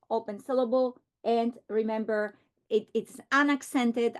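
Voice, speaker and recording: A woman teaching a reading lesson, modeling words slowly and deliberately. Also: a little high. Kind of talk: instructional lesson.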